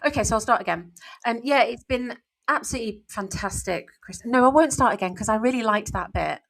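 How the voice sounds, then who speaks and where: A woman's voice: fairly high pitch, brisk, gravelly, a bit bright. A middle-aged woman, an author talking openly and thoughtfully on her podcast, often saying "you know". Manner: open, reflective, leans on "you know". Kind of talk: casual podcast chat.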